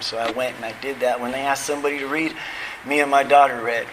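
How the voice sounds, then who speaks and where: A man's voice: mid-range voice, fairly even intonation, quick pace, a little hiss or hum, rough recording. A middle-aged man giving a heartfelt personal testimony at a recovery convention, telling his story casually with slang like "man" and "dude". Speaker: recovery meeting speaker. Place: convention hall.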